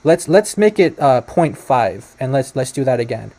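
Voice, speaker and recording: A man with a dark, mellow tone talks viewers through material on his screen in a loose, conversational way. He hedges and corrects himself as he goes, apologizing whenever he is unsure, and he sits at an average pitch for a man. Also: sing-song, normal speed. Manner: tentative, self-correcting, apologetic. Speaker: presenter. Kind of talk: casual screen-share explainer.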